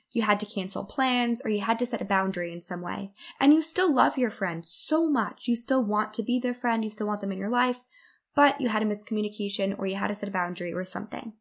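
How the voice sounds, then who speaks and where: Earnest woman hosting a self-help podcast. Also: mid-range voice. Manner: earnest, acts out inner-voice quotes. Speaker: podcast host. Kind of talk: reflective self-development monologue.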